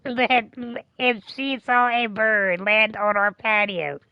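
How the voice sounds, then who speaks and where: A woman streamer chatting casually, telling a rambling, profane, animated story. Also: medium pitch, takes it slowly, smooth, no room sound, lo-fi sound. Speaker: game streamer. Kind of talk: casual chat.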